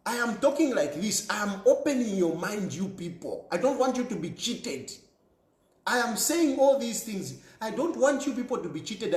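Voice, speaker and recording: Speaking in a high voice with a roomy sound, a Zambian-accented man comments forcefully on politics. He mixes Bemba into his English, goes over the same points again and again, and breaks into frequent laughter.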